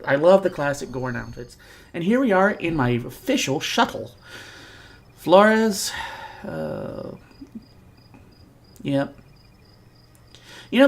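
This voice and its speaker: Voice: mid-range voice, creaky, husky. A let's-play host giving casual, rambling gameplay commentary, chatty and self-deprecating.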